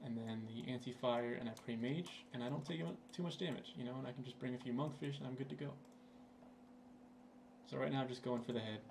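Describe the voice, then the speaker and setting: At his computer, a young man runs relaxed, wandering commentary over his gameplay for his gaming channel, dropping in plenty of fillers. His voice sits at medium pitch with a darkish tone, and a bit of background noise is audible.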